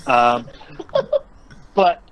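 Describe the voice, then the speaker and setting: A man's voice: medium pitch, expressive, extremely slow, low-quality recording. A man guesting on a casual podcast chat, wry and joking, tossing in asides.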